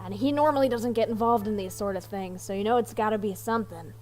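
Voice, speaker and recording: A woman's voice: mid-range voice, fast, a little mellow, a little hiss or hum, lightly acted. A woman voicing a hesitant, rambling innkeeper who has run his place for years, in a tabletop game. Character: hesitant middle-aged male innkeeper.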